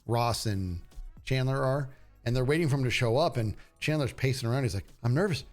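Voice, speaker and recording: A man's voice: mid-range voice, brisk, darkish tone, soft background music. A middle-aged man chatting casually with his stream viewers, rambling and stopping himself mid-sentence as he talks about shows he loves. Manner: rambling, self-interrupting, enthusiastic about shows. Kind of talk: casual livestream chat.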